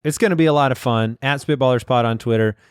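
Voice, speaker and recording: A man's voice: medium pitch, quick pace, smooth, no echo, clean studio sound. A man co-hosting a comedy podcast, bantering in a goofy, self-mocking way. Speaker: podcast co-host.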